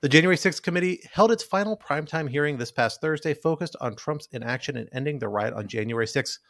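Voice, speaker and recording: A man's voice: on the high side, fast, creaky, a bit bright. A man co-hosting a podcast, chatting casually and joking, laughing as he talks. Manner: jokey, laughs while talking. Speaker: podcast co-host. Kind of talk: casual chat.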